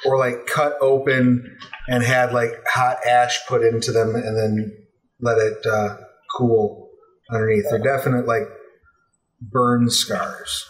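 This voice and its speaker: A man's voice: medium pitch, low-quality recording. Easygoing man running a tabletop game. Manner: relaxed, halting with fillers. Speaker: game master.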